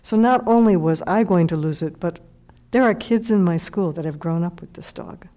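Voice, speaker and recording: A woman's voice: fairly low pitch, normal speed, mellow. A middle-aged woman, a meditation teacher, telling a heartfelt personal story in a dharma talk and sometimes dropping to a whisper.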